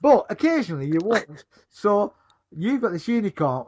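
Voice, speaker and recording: A man in crude, rambling casual banter as podcast co-host, sweary and excitable. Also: fairly high pitch, a little fast, slightly rough. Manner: sweary, excitable, mock-indignant. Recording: dull lo-fi recording.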